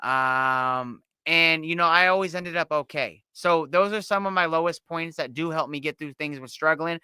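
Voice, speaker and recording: A man's voice: on the high side, moderate pace, few pauses, bright, forceful tone, clear, resonant tone, no room sound. A man co-hosting a casual recovery talk, upbeat and reflective, often tagging thoughts with "right?". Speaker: musician and podcast co-host.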